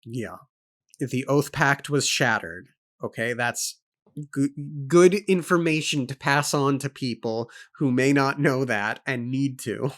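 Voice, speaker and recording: A slow-paced man with a mid-range voice co-hosts a book club podcast. In a relaxed conversation about the book, he reflects out loud and sets out his points and questions in turn.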